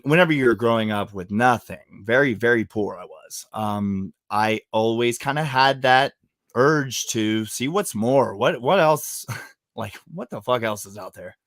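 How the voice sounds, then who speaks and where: Brief: male podcast host from West Virginia, mid pitch, lively storyteller, curses freely, dry close mic. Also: dry recording. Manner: animated storyteller, swears freely, laughs often. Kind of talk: casual podcast chat.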